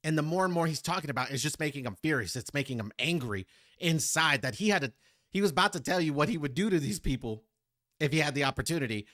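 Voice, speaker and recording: A man's voice: fairly high pitch, expressive, fast talker, a bit bright, no room sound, studio quality. A man hosting a music reaction video, talking reflectively and directly to his viewers. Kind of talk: casual reaction commentary.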